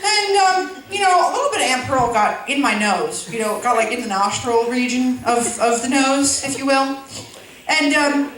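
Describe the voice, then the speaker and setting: A woman's voice: high-pitched, lively intonation, moderate pace, a bit bright. Giggly rambling woman comic in an echoey hall. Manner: rambling, self-interrupting, giggly asides. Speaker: stand-up comedian. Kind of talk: stand-up comedy storytelling. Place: school event hall. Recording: echoey hall, far from mic, noisy.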